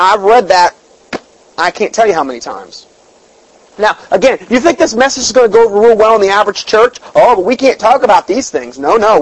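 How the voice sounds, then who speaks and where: Man, preacher, high-pitched, emphatic, conversational sermon, restarts and fillers. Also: rough recording. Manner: emphatic, voice jumps up when stirred. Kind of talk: storytelling sermon.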